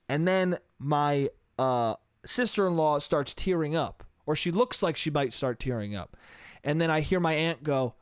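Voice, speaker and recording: A young man rants through a story on his solo podcast, profane and exasperated, mocking the people he quotes. His voice sits fairly high for a man and sounds close and dry, with no room around it. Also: moderate pace, smooth, dry recording. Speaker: podcast host.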